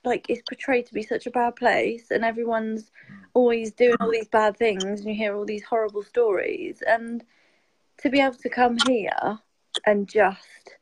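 Gushing emotional woman, high voice. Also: darkish tone, slight background noise, low-quality recording. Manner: emotional, gushing, many "like" fillers. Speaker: guest on a live stream. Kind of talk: casual heartfelt chat.

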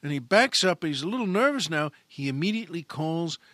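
A man's voice: fairly high pitch, lively intonation, fairly quick, a bit bright, no echo, studio quality. A man hosting a show, telling a joke in a chatty, folksy, self-amused way. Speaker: radio host. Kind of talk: casual storytelling monologue.

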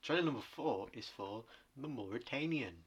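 A man's voice: mid-range voice, expressive, normal speed, husky. A man co-hosting a casual film podcast, trading dry, teasing remarks. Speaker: podcast co-host.

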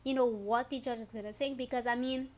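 A young woman telling her story as a guest in a casual chat, animated and acting out what people said. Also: on the high side, fairly quick. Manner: animated, acts out quotes, rises to squeals when excited.

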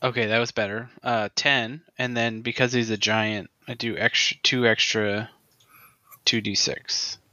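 A man's voice: mid-range voice, level tone, unhurried, sharp tone. A man playing a barbarian in a tabletop game, eager, counting his rolls aloud with mock exasperation. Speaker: player. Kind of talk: casual tabletop game play.

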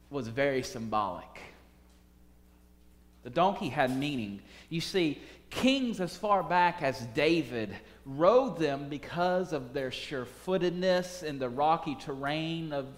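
A man preaching a sermon, swinging from soft, quiet phrases to loud, urgent calls. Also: fairly high pitch, in a large hall. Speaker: pastor.

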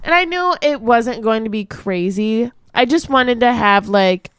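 A young woman on a podcast, telling a story in an easygoing, soft-spoken way. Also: fairly high pitch, expressive, measured pace, smooth, no room sound, studio quality. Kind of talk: casual chat.

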